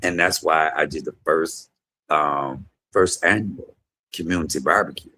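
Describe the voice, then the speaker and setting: Husky low-voiced man telling stories. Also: a little slow. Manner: animated, loud imitations of his mother. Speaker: comedian and vlog host. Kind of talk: casual storytelling monologue.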